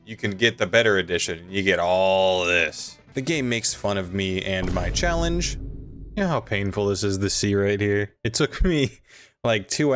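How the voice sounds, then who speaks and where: Low-voiced joking gaming guy. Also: fairly bright tone. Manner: joking, self-mocking, stammering restarts. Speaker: gaming youtuber. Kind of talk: comedic gameplay commentary.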